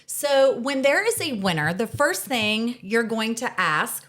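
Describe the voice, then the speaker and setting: A woman's voice: a little high, big pitch swings, measured pace, a bit bright. A woman from the United States co-hosting a podcast in casual chat, bubbly and laughing often. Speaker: podcast co-host.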